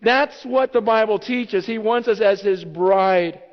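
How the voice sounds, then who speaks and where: A man preaching a sermon as pastor, telling a story in an animated, emotional way. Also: high voice, measured pace. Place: church sanctuary. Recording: dull echoey church hall.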